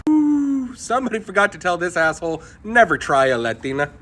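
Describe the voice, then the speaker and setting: A man telling a story from his own life in an animated, profane way, with laughing asides. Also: a little high, fairly quick, few pauses, a little hiss or hum. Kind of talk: storytime monologue.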